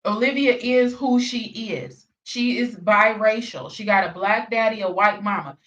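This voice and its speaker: A fairly high-voiced woman delivers blunt, profane reaction commentary, hammering her points with repetition. She sounds set back from the mic, and the recording is dull and lo-fi. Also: measured pace, fairly bright tone, recorded from a distance. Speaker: reaction channel host.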